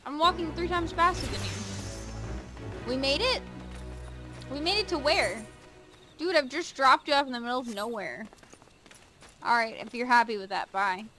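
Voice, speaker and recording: A woman's voice: high voice, lively intonation, normal speed, pauses often, sharp tone, faint music behind. A young woman casually chatting and commenting while playing a game on stream, talking to characters and her chat in a playful way.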